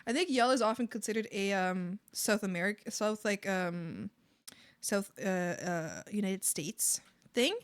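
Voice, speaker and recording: A woman's voice: medium pitch, measured pace, clear, resonant tone, dry recording. A Canadian woman from the Maritimes chatting casually on a live art stream, bubbly and giggly, rambling with lots of fillers.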